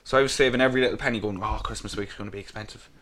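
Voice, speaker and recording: A man's voice: lowish voice, steady tone, rapid-fire, fairly bright tone. A man co-hosting a podcast, telling rambling, sweary stories in casual chat. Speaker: podcast co-host.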